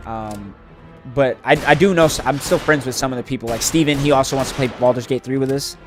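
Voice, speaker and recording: A man's voice: mid-range voice, quick pace, music in the background. A young man streaming a video game, telling a rambling, emphatic story in casual chat. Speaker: gaming streamer. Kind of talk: casual chat while gaming.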